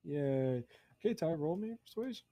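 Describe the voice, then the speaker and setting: A man running a tabletop game as game master, narrating in a halting way with many fillers. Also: on the high side, animated, mellow, no echo.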